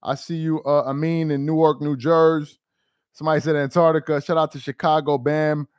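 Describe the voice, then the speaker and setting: A man's voice: a little high, level tone, fairly quick, a little mellow, clean tone, no room sound, clean studio sound. Dejected man hosting a livestream. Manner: dejected, repetitive, rambling. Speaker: sports livestream host. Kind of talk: casual live-stream chat.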